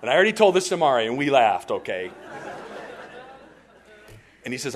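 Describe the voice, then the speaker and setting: Animated pastor preaching. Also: male voice, medium pitch, brisk. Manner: animated storytelling, laughs often, lively. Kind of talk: sermon.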